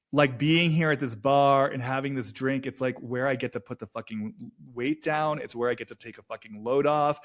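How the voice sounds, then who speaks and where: Man doing a halting, searching intuitive reading. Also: medium pitch. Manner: halting, searching, with repeated phrases and frequent "like". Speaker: intuitive reader. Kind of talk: reflective solo monologue, channeling a subject's feelings.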